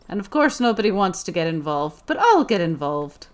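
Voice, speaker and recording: A woman's voice: lowish voice, sing-song, normal speed, few pauses. A woman doing let's play commentary in character, playful and theatrical, often repeating her own lines.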